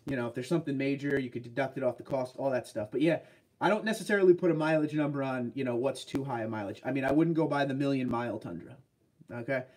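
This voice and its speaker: A man's voice: medium pitch, fast talker, darkish tone. A man with a Boston accent and a head cold, hosting a casual livestream and answering viewer questions about trucks in a laid-back way. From New England. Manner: laid-back, reads chat comments aloud and answers.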